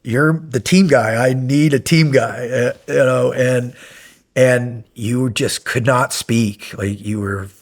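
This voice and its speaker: A man who is a podcast guest, reminiscing in a lively way and repeating himself as he talks. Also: mid-range voice, slow pace. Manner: animated, laughing, repeats himself. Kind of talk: casual chat, reminiscing.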